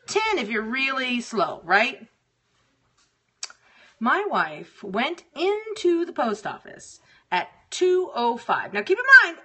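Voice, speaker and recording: A woman's voice: mid-range voice, bright, forceful tone. A woman hosting a show, telling a story about her day in a casual, profane, exasperated way. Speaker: radio show host.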